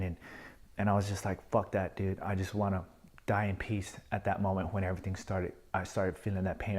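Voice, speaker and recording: A military veteran man giving candid personal testimony, blunt and profane, halting with frequent restarts. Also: fairly low pitch, a little mellow. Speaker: military veteran telling his story.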